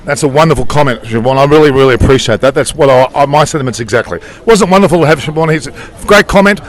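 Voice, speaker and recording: A man interviewing people on a busy street, upbeat and chatty. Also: medium pitch. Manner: upbeat, chatty, quick-talking. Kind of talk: vox pop street interviews.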